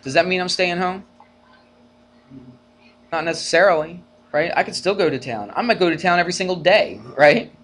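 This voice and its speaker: A man's voice: high voice, moderate pace, pauses often. A man teaching a college algebra class in a casual, conversational way, often checking in with students through rhetorical questions and acting out arguments with rising energy. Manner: animated, acts out arguments in a rising voice. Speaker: math teacher. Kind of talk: classroom lecture.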